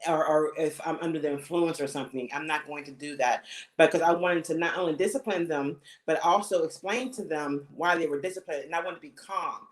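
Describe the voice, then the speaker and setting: A middle-aged woman on a panel of mothers, giving earnest advice in casual talk and often saying "you know". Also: low-pitched. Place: home, video call. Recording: echoey room.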